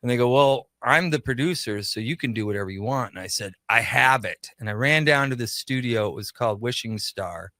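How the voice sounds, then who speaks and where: A man's voice: medium pitch, expressive, a little fast, hardly any pauses, bright, forceful tone, no room sound. A man from Minnesota, a radio show creator and guest, telling anecdotes casually in a studio and acting out the dialogue. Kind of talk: casual storytelling.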